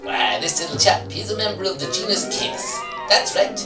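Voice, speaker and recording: A man's voice: high voice, fairly even intonation, moderate pace, reverberant, distant mic, music in the background, lightly acted. A man voicing a sleazy male British professor who talks in a prim, innuendo-laden presenter tone. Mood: smug. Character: sleazy male British professor, faux-posh science host.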